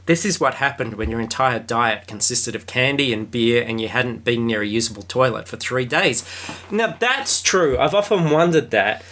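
Deadpan man reading aloud sarcastically. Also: mid-range voice, moderate pace. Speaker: podcast host. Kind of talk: comedic book reading and chat.

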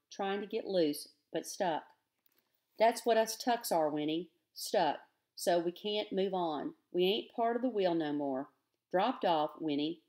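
Teacher reading worn-out rustic old dad, earnest, pleading, folksy talk. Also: female voice, mid-range voice, dark tone, close to an everyday voice. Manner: plain country grammar, slow and earnest. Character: weary rustic older father, earnest and pleading.

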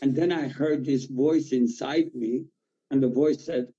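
A pastor whose first language is Farsi tells his personal testimony in an interview, speaking in an animated way and acting out the dialogue. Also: mid-range voice, unhurried, slightly rough, highs cut off.

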